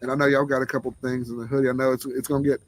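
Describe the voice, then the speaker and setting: A laid-back man with a Southern drawl hosts a casual livestream chat, chuckling as he greets his viewers. His voice is medium-pitched and level in tone, and he talks very fast. Faint music plays in the background.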